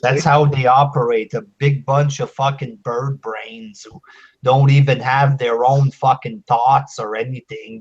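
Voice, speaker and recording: A man hosting a live chat show, ranting slowly and profanely with open scorn. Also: medium pitch, a little hiss or hum. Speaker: podcast host.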